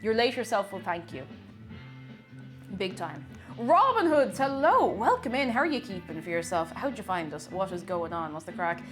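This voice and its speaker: Chatty Irish woman with a lively voice. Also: medium pitch, moderate pace. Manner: chatty, repeats herself, greets chat by name. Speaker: streamer baking live. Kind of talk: casual live-stream chat while baking. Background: faint music played from her phone.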